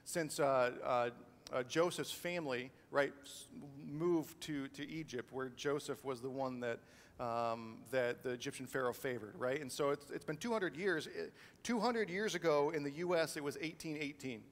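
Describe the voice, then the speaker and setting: Pastor preaching in an echoing church hall. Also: male voice, mid-range voice, normal speed. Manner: conversational, many fillers and restarts, asks "right?". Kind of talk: sermon. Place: church sanctuary.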